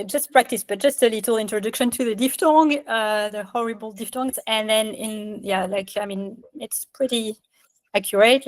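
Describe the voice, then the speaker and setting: This woman has a medium-pitched voice, recorded dry, and she's a French instructor giving a casual online lesson on pronunciation. She's chatty and leans heavily on filler words, laughing at the quirks of French spelling.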